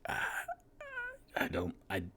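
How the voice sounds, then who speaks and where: A man's voice: takes it slowly, bright, forceful tone, a little hiss or hum. A man hosting a solo tabletop game stream, casually reading viewer comments aloud and joking while he stalls. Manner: chatty, laughing, stalling while reading chat. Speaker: host and dungeon master. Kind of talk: casual live-stream chat.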